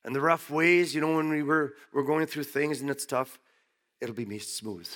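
A man giving a sermon who reads Bible verses aloud and then explains them in plain, everyday words, rising sharply in pitch to stress key points. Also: normal speed, a bit bright. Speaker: preacher. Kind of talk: sermon reading and explaining scripture.

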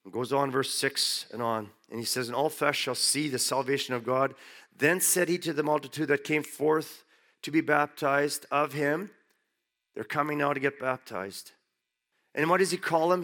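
A man giving a sermon who reads Bible verses aloud and then explains them in plain, everyday words, rising sharply in pitch to stress key points. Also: moderate pace, a bit bright. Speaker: preacher. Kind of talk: sermon reading and explaining scripture.

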